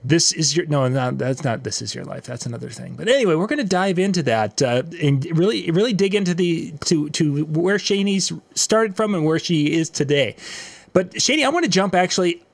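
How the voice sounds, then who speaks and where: A man hosting a casual interview show, chatty and animated, often correcting himself mid-sentence. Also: fairly high pitch, brisk, creaky. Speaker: show host.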